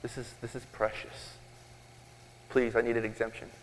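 A man voicing a pleading newcomer who clings to a precious bag, speaking in a hushed, secretive way. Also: mid-range voice, monotone, moderate pace, pitched below the performer's own voice, lightly acted. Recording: echoey hall.

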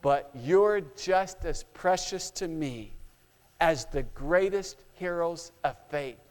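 A preacher voicing Jesus as a tender, tearful, loving man who speaks softly and slowly, choked with emotion. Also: a little high, lively intonation, voice pushed down. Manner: soft, slow and choked with emotion. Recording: long hall reverb.

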